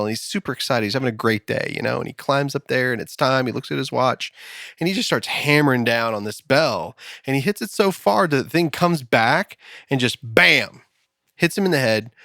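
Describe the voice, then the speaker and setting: A man's voice: medium pitch, fairly bright tone, no room sound, studio quality. Rambling man hosting a podcast. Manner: rambling, quick joke-telling. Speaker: podcast host. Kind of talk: casual chat. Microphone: studio mic.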